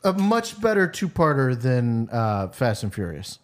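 A man's voice: mid-range voice, very animated, measured pace. A man co-hosting a podcast, chatting casually about movies and laughing at his own points. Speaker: podcast co-host. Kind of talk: casual movie review chat.

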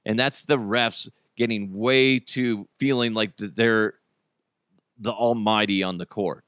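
Profane, animated male podcast host, dry sound. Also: lowish voice, unhurried, smooth, no echo. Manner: profane, swears freely; animated, laughs at his own jokes. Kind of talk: casual solo rant.

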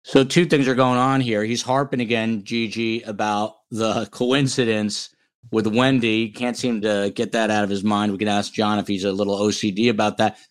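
Low-voiced male podcast host from New Jersey. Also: flat delivery, moderate pace, clear, resonant tone. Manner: chatty, reads out viewer comments. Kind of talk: casual podcast chat.

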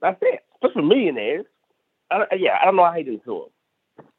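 A man's voice: fairly high pitch, wildly swooping pitch, quick pace, slightly rough, no room sound. A man from South Carolina, a stand-up comedian guest, chatting casually and emphatically, repeating phrases as he rants. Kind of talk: casual podcast chat. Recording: tinny phone-like dry sound.

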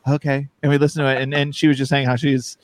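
Podcast guest dude, laid back and jokey, mid voice, dry sound. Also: male voice, medium pitch, level tone, fast talker, dry recording. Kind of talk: casual chat.

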